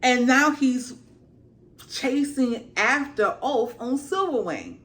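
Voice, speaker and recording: A woman's voice: high-pitched, slow. A woman reviewer giving a casual, slangy episode recap, acting out the characters as she goes. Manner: animated, slangy storytelling with acted-out asides. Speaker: TV show reviewer.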